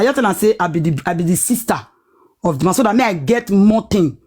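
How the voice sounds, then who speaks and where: A woman with a Nigerian Pidgin accent telling a personal story in a lively, dramatic way, acting out what people said. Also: mid-range voice, a little fast. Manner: animated, dramatic retelling with acted-out quotes.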